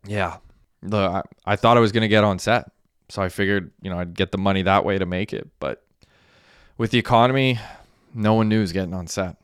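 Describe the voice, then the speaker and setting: A man reading the lines of a young man in an audiobook, in a soft, subdued delivery. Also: fairly low pitch, a little fast, clear, resonant tone, no room sound, clean studio sound, natural voice.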